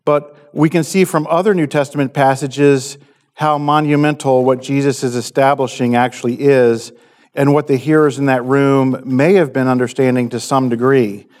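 Halting, measured male pastor preaching. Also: medium pitch, level tone, a little mellow. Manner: halting, measured, with frequent pauses and filler sounds. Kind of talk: sermon and prayer.

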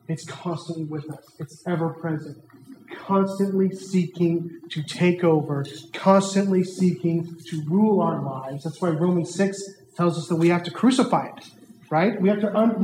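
A man preaching a children's sermon in a church hall, animated and asking the kids questions. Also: sits high, a little hiss or hum.

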